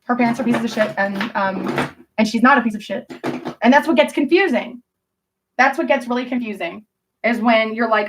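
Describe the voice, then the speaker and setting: A woman with a fairly high voice talks to her stream audience in a loose, rambling, profane way. Her voice sounds a little far from the microphone, with some room around it. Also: moderate pace. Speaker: livestreamer talking to chat. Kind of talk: casual rambling storytelling.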